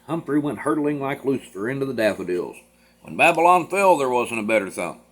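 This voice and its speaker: A man gives a dramatic play reading in his own voice. His delivery is theatrical, with lively swings in pitch. He sits at a mid pitch for a man. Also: a little fast. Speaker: play reader.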